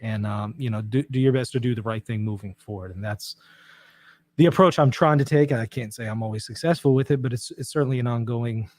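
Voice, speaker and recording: A man's voice: mid-range voice, brisk, a little mellow, no echo. A man hosting a podcast, talking casually and earnestly about clips he is reviewing, with frequent fillers and restarts. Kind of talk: casual commentary.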